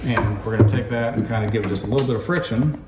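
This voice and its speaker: A man hosting a home renovation vlog, demonstrating fixes in a deadpan, joking way. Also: on the low side, fast. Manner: deadpan jokey, puns and mock anger. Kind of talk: joking DIY how-to vlog. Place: house under renovation, indoors. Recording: echoey bare room, faint noise.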